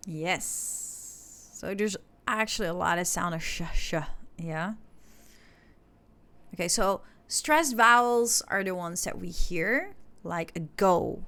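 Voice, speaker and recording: A woman with an Indonesian accent gives an English lesson, taking her time and pausing on fillers as she explains. Her voice is bright and clear, sitting a little low in pitch, and the pace is unhurried. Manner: patient, explains step by step with frequent "um" fillers. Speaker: English teacher. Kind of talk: classroom instruction.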